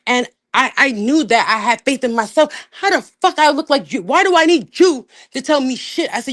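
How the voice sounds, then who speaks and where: A woman hosting a livestream in a casual rant, profane and emphatic, dropping to low mutters and rising to loud outbursts. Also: lively intonation, quick pace, few pauses, no echo. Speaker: livestream host.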